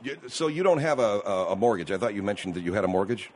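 A man's voice: fairly low pitch, expressive, quick pace, a little mellow, a little hiss or hum. A male radio host questioning a caller in a probing, skeptical way. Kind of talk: call-in radio conversation.

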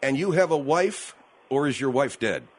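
A male radio host presses a caller with skeptical questions. His voice is somewhat husky and mid-pitched. His intonation swings widely as he probes. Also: animated, normal speed. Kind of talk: call-in radio conversation.

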